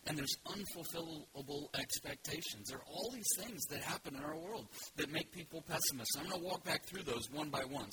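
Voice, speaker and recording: A male pastor preaching a sermon in a conversational way, with frequent restarts and asides. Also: fairly high pitch. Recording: loud background noise.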